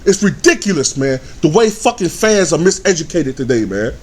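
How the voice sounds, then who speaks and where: Heated, high-voiced man ranting in his thirties. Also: sing-song, moderate pace. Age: 30s. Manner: angry, swearing, shouting bursts. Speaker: sports vlogger. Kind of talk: heated profane rant.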